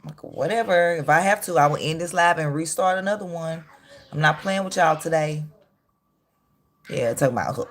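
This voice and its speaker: A woman's voice: low voice, normal speed. A woman in her thirties hosting a casual livestream, reacting in a blunt, mocking and heated way. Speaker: livestream host. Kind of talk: casual live-stream commentary.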